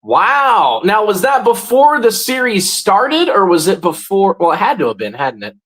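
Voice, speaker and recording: A man in his forties hosting a casual livestream, greeting viewers and chatting about sports, often jumping into loud, high bursts. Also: wildly swooping pitch, normal speed, low-quality recording. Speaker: livestream host.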